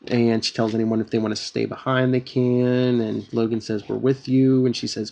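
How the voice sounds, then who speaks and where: A man's voice: medium pitch, little pitch movement, normal speed, creaky, hardly any pauses, mellow, highs cut off. A man hosting a podcast, casually retelling a comic book plot with lots of fillers and quoted lines. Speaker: podcast host.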